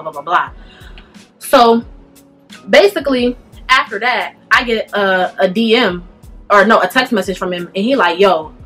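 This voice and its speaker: Fast-talking, bright-voiced young woman telling a story. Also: medium pitch. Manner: animated, addresses viewers directly, slangy. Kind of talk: casual storytime.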